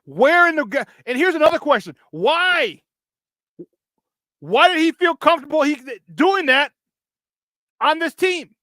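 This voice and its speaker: A man's voice: very high voice, lively intonation, unhurried, pauses often, sharp tone, dry recording. A man hosting a sports talk show, ranting heatedly and repeating lines for emphasis.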